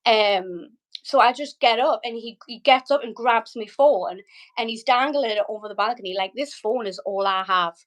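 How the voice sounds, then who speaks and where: A woman's voice: a little high, moderate pace, low-quality recording. Emotional British woman telling her story. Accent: British English. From Britain. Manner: vivid, emotional telling with frequent swearing and "like". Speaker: podcast guest. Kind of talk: personal storytelling in a conversation.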